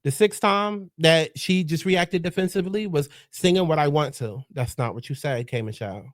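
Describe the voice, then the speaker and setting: A man's voice: on the high side, normal speed, no room sound, studio quality. A man hosting blunt, profane, sassy pop culture commentary. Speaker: host.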